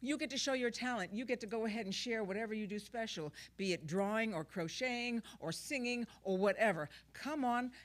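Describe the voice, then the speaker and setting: A woman who teaches the church youth, making an announcement. She sounds lively and encouraging and jokes along the way. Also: on the high side, brisk, few pauses. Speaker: children's teacher. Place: church service.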